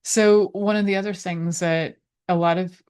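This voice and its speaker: A woman with a low voice hosts a casual advice talk. She speaks in a chatty, playful way. She often drifts into rambling asides. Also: fairly even intonation, moderate pace, darkish tone, clear, resonant tone. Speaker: podcast host.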